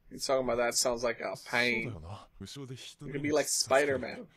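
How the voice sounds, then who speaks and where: A man's voice: mid-range voice, animated, normal speed, a bit bright. A man hosting an anime reaction, talking casually with frequent gasps, exclamations and slangy asides.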